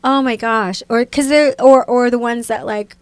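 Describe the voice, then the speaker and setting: This podcast guest, a woman in her thirties, keeps the conversation casual and lively, imitating the people in her stories. She talks at a moderate pace in a slightly high, clean voice, with no echo.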